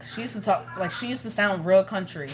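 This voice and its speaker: A woman's voice: medium pitch, normal speed. A woman vlogging in a rambling, chatty way, laughing often as she talks to her viewers. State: pregnant, with morning sickness. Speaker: family vlogger. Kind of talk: casual chat to camera.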